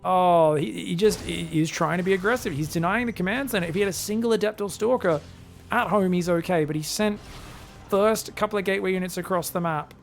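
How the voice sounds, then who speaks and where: A man casting a strategy game on his own, talking casually through each move and breaking into loud excited bursts. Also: high-pitched, fairly quick, creaky, faint music behind. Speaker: esports caster. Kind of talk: solo play-by-play game commentary.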